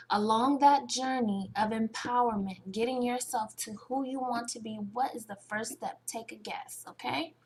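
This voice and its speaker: A woman's voice: fairly high pitch, breathy edge. A woman giving a motivational webinar talk, emphatic, repeating key phrases and checking in with "okay?". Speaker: motivational speaker.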